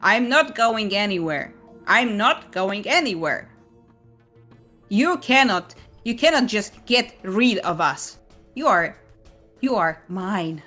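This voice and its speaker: A woman acting out a furious old woman who clings to those she thinks are hers. She talks slowly and repeats her demands, with soft music playing underneath. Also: mid-range voice, lively intonation, breathy edge, heavily acted. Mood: angry. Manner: insistent, repeating herself. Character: angry possessive old woman.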